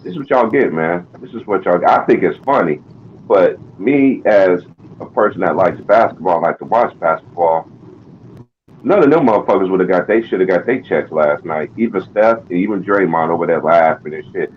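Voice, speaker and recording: A man's voice: low voice, expressive, normal speed. A man on a sports panel call, ranting in a profane, exasperated way. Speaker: panel guest. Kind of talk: heated sports chat. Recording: dull lo-fi call audio with faint noise.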